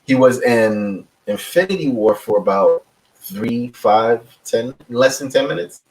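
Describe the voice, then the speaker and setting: Man from Nigeria, lively pitch, off-mic sound, cussing casual podcast co-host. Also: a little slow, distant mic, poor audio. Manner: animated, swearing, laughing. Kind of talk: casual banter.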